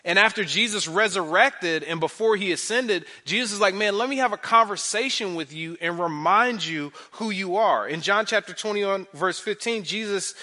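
Animated bright-voiced male pastor. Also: high voice, normal speed, hardly any pauses. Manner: conversational, uses many fillers like "like"; animated, repeats phrases for emphasis. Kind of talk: sermon.

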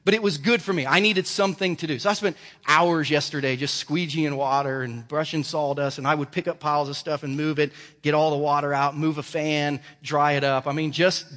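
A man's voice: fairly high pitch, fairly bright tone. A male pastor delivering a sermon in an emphatic, storytelling way. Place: church sanctuary. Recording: reverberant church hall.

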